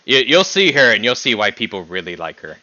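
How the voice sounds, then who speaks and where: On a home-streamed podcast, a young male host with a fairly low voice briskly chats with a guest about ranking characters. He is animated and teasing, laughs frequently, and his pitch shoots up when excited. The dry sound is bright but slightly dull and lo-fi.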